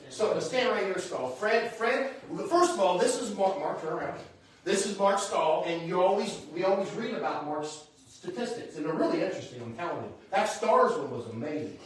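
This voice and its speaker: Rambling high-voiced man hosting, echoey hall. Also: expressive, a little fast, distant mic. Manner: rambling, chatty, lots of "you know what I mean". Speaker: host. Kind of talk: live show banter with guests.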